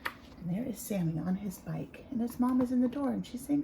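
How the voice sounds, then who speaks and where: A woman who teaches preschool, leading circle time with young children in a slow, encouraging singsong. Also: a little high, expressive, gravelly, mellow, a little hiss or hum, low-quality recording.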